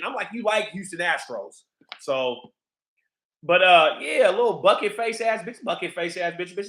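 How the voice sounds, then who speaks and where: A man with a high, bright voice talks straight to the camera in a loose, profane monologue. He rambles from one point to the next in an animated way. The sound bounces around a roomy, echoey space. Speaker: vlog host. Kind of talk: casual monologue. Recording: echoey room.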